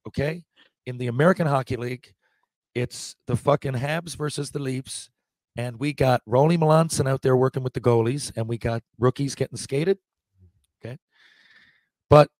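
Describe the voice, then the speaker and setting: A man's voice: medium pitch, moderate pace, darkish tone, dry recording. A man in his forties, a podcast guest, telling rambling, profanity-laced anecdotes in a casual way. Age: 40s. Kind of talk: casual storytelling.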